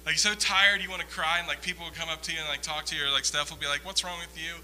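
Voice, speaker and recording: A man's voice: a little high, level tone, racing, sharp tone, a little hiss or hum, poor audio. A man giving a conversational sermon as a pastor, rambling through self-deprecating stories with humor.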